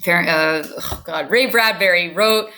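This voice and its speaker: A woman's voice: lowish voice, unhurried, bright, forceful tone. A woman teacher giving a casual lesson from home, chatty and full of ums and restarts. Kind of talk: casual online literature lesson.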